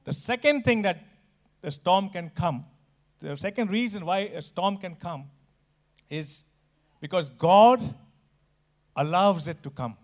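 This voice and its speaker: A man preaching a sermon, earnest and emphatic, with restarts and dramatic pauses. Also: on the high side.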